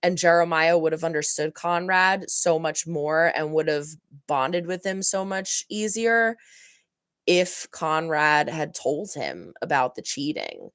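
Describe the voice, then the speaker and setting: A woman's voice: low voice, animated, unhurried, a bit bright, dry recording, clean studio sound. A young woman hosting a reaction channel, chatting casually and rambling about a TV episode, laughing often and acting out heated lines.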